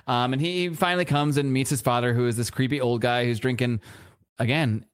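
A man's voice: mid-range voice, steady tone, fairly quick, clean tone. Rambling man recapping a comic. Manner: rambling, restarts, quotes dialogue aloud. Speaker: podcast co-host. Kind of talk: casual comic book discussion. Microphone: podcast mic, live show.

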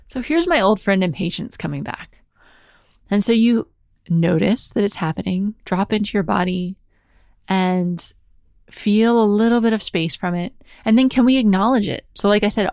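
A woman speaks in a calm, reflective mindfulness talk, drawing out key words and checking in with the listener. Her mid-pitched voice carries a light vocal fry. The sound is close and dry, with no room around it. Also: dry recording. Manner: gentle, reflective, slow and drawn-out on key words, frequent "right?".

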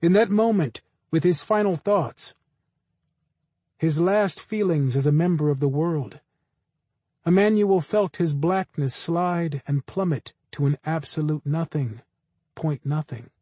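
A man reading a story aloud as an audiobook narrator, in measured, unhurried scripted narration. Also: fairly high pitch, dark tone, no echo.

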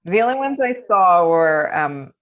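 A woman's voice: lowish voice, very animated, unhurried, a bit bright. A woman guest on a casual podcast interview, talking with laughter and gushing praise. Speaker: guest actor.

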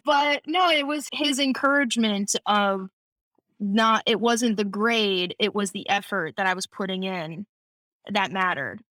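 A young woman chatting as a podcast guest, telling animated, quick stories with a laugh. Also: mid-range voice, no room sound. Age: young adult. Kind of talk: casual chat.

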